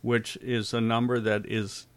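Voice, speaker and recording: A man's voice: medium pitch, flat delivery, a little slow, smooth. A man in his late sixties co-hosting a casual Catholic radio talk show, rambling with many fillers. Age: 60s. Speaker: co-host.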